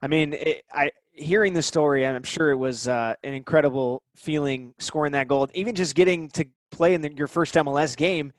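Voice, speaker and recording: A man hosts a podcast, his voice somewhat high and recorded dry and close. He asks chatty, encouraging questions. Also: brisk, hardly any pauses, dry recording. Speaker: podcast host. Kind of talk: interview questions.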